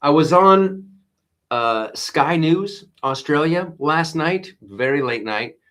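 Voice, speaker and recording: A man's voice: a little high, lively intonation, slow, a bit bright. A man hosting a live talk show, giving rambling, emphatic political commentary and reading viewer comments aloud. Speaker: livestream show host.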